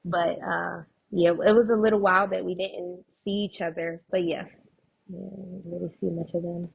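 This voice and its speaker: A woman with a lowish, creaky, slightly rough voice speaks at a moderate pace with little pitch movement, and the audio sounds dull. She's an interview guest earnestly telling emotional stories from her own life, often restarting her sentences.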